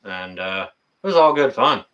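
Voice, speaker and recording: Folksy bright-voiced man chatting live. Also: fairly low pitch, expressive, muffled recording. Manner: folksy, laughs often, drawn-out fillers. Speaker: livestream host reading chat. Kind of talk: casual live chat.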